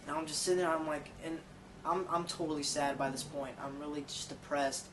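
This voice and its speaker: A man's voice: on the high side, fairly even intonation, a little fast, a little hiss or hum. Man rambling through a comic tale. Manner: profane, rambling, self-deprecating. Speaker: storyteller. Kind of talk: casual comic storytelling.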